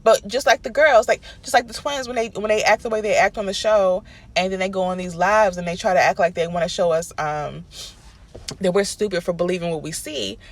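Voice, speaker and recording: A man's voice: high-pitched, a bit bright. A man giving a casual, sassy recap rant of a TV episode, telling it in an exasperated, chatty way. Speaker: TV recap commentator.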